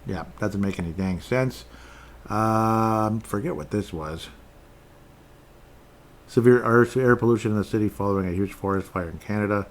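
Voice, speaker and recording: A man with a somewhat low voice talks through news items on his own show. He rambles, trips over his words and restarts, and drops dry, sarcastic remarks between points. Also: moderate pace, long pauses. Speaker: podcast host. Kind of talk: casual solo commentary on headlines and chat comments.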